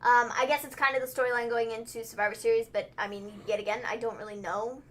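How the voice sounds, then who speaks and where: A young woman hosting a casual wrestling recap livestream, animated and chatty, laughing easily. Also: fairly high pitch, fast. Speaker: host.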